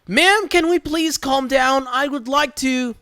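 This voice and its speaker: A narrator voicing a sweet, calm older woman who works in a store, speaking gently in a storybook tale. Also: sits high, measured pace, gravelly, no room sound, clean studio sound, pitched above the performer's own voice, heavily acted. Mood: soothing. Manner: gentle, soothing.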